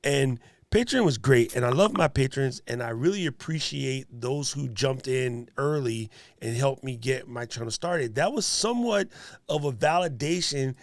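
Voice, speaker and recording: A man's voice: medium pitch, normal speed, no room sound. A man with a New York accent hosting a livestream, chatting casually and joking with a guest and viewers. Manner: animated, joking, talks to viewers and chat. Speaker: livestream host.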